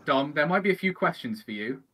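A British man co-hosting a casual livestream, teasing his guests and quick to laugh. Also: fairly high pitch, animated, pushed and bright, breathy edge. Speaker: co-host of a pipe smoking livestream. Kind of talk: casual banter. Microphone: livestream video call.

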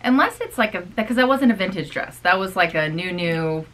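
Bright animated woman vlogger. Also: on the low side, normal speed, low-quality recording. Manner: animated storytelling, frequent laughs. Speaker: co-host of a thrift channel. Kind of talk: casual chat.

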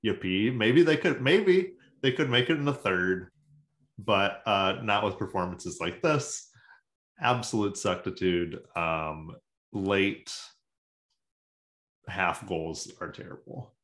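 A lower-voiced man co-hosting a sports chat, full of sarcastic, animated asides. His voice bounces around a roomy, echoey space. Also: slow. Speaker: podcast co-host.

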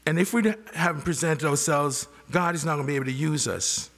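A man's voice: on the high side, steady tone, a little fast, a bit bright. An older man preaching a sermon as pastor. He keeps asking the congregation questions and lets them finish his sentences. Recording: long reverb of a large hall.

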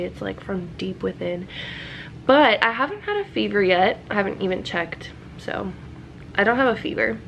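A woman's voice: mid-range voice, creaky, fairly bright tone, low-quality recording. Stuffed up young woman vlogging at home, chatty and bubbly, says like a lot, faint hiss behind. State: stuffed up, congested. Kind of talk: casual vlog chat.

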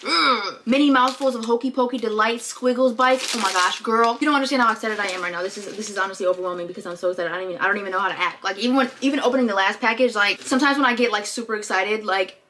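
A young woman vlogging an unboxing in a casual, gushing, excitable way, filling her talk with "like". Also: medium pitch, very fast, few pauses, slight background noise. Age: young adult. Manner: gushing, excitable, says "like" often.

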